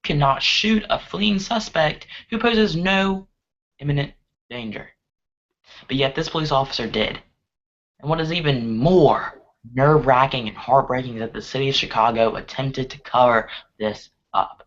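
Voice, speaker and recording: A man giving an earnest, deliberate statement in a formal, scolding tone, played from a clip. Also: medium pitch, fairly bright tone, dull audio. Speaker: young political commentator in a played clip.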